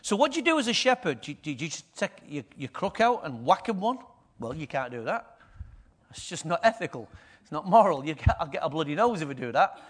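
Male pastor, middle-aged, high voice, chatty sermon full of questions to the room. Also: sing-song, a little fast, husky. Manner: conversational preaching, asks the congregation questions.

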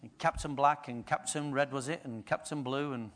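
A middle-aged man preaching a sermon as pastor, telling stories lively and swinging from hushed asides to loud bursts. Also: medium pitch, moderate pace.

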